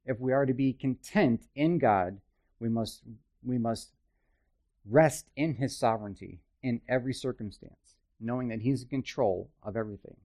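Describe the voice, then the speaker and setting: A man's voice: medium pitch, normal speed, darkish tone. A man teaching a Bible study in a conversational way, with chatty, self-deprecating asides and frequent checks with his listeners.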